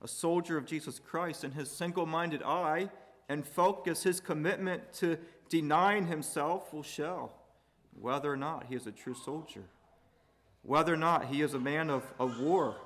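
A man preaching a sermon, building to loud emphatic peaks and dropping low and quiet between points. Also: normal speed. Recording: hall reverb.

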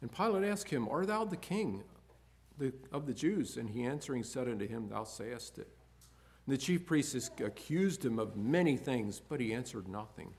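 A man preaching a sermon, moving between quiet reflection and loud impassioned emphasis, reading scripture aloud. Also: lowish voice, lively intonation, a little slow, vocal fry. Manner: reads scripture aloud in King James wording.

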